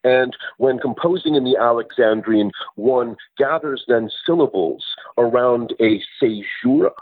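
A man as a poet and translator guest in a literary interview, explaining in a thoughtful way with pauses and restarts. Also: medium pitch, no room sound. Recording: tinny phone-line sound.

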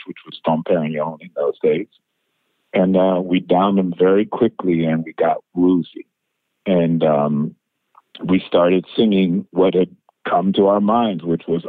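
A male musician being interviewed, telling anecdotes in an animated way, laughing and acting out what people said. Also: low voice, dry recording. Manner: animated storyteller, laughs, acts out quotes. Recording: tinny phone-like interview line.

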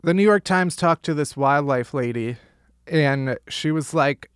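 A man's voice: a little high, a little slow, clean tone, no echo, clean studio sound. Sarcastic, profane male comedy host. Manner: sarcastic and profane, with frequent laughs. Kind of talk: casual comedic news roundup.

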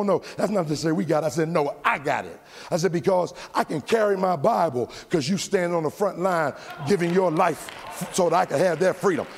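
A male pastor delivers a sermon in a high, husky voice with a gravelly edge. He swings between shouted, rising lines and low, quieter asides. The sound carries the long reverb of a church hall.

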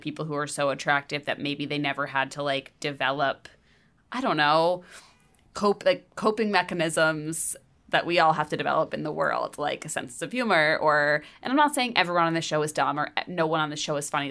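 A woman with a low voice chats on a podcast, loose and rambling. She swears freely and leans on "like" as filler. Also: a bit bright. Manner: chatty, profane, lots of filler "like". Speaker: podcast co-host. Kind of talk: casual chat.

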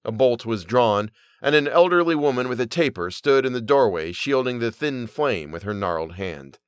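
A man reading a Victorian short story aloud as storyteller, in steady, measured narration. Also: medium pitch, smooth, dry recording, clean studio sound.

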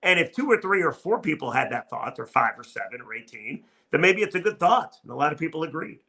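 A man's voice: on the high side, big pitch swings, quick pace, gravelly, pushed and bright. A man hosting a solo sports podcast, reading listener comments in a wry, self-mocking way.

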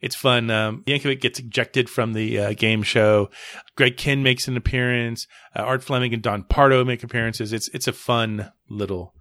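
A man's voice: mid-range voice, steady tone, normal speed, a bit bright, dry recording, studio quality. Chatty male podcast co-host. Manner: chatty, enthusiastic, rambling asides. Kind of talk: casual chat about music.

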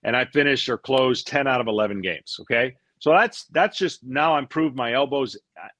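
Middle-aged guy spinning a long story, lively, restarts a lot, dry close sound. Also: medium pitch, moderate pace, no room sound. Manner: animated storyteller, acts out quotes, repeats words. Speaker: guest, former pitcher. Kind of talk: casual storytelling interview.

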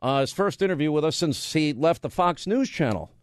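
Speaking a little fast with an animated, slightly high voice, a man runs a conservative talk radio monologue, peppering it with rhetorical questions and banter aimed at his studio team. The studio mic picks him up with no echo.

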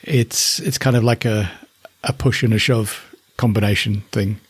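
Husky-voiced man from northeast England. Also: on the low side, steady tone, a little slow, no echo. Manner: chatty and affectionate, thinking aloud. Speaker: alpaca keeper. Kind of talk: casual spoken commentary.

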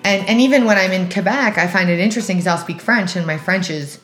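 A woman from Alberta chats as a podcast guest, animated and quick to act out the voices of people she quotes. Her talk is loose and full of fillers. The sound is roomy, with faint music underneath. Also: mid-range voice. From Alberta, Canada. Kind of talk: casual conversation.

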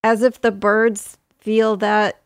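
A woman's voice: medium pitch, little pitch movement, takes it slowly, smooth, dry recording, clean studio sound. A woman co-hosting a casual comedic chat, giggling often and reading quotes aloud with jokes. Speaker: podcast co-host.

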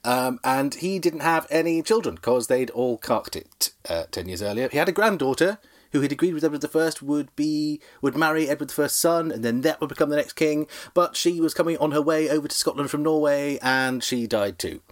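A man's voice: on the high side, a little fast. A man co-hosting a comic history podcast, telling stories in a playful, jokey way. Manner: jokey, playful storytelling with silly voices. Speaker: podcast co-host.

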